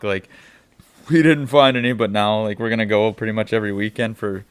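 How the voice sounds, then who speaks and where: A man on a hunting podcast, telling stories in a loose, profane, animated way. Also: lowish voice, brisk, clear, resonant tone, dry recording. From British Columbia, Canada. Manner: profane, animated, swears constantly. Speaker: podcast host. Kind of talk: casual chat, storytelling.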